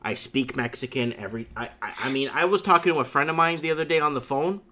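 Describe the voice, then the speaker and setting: A slightly higher-voiced man hosts a casual talk show, telling stories with plenty of emphasis and repetition. He keeps circling back to the same phrases as he talks a guest through his point. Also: quick pace, bright, forceful tone. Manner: emphatic storytelling with repeated catchphrases. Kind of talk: casual chat.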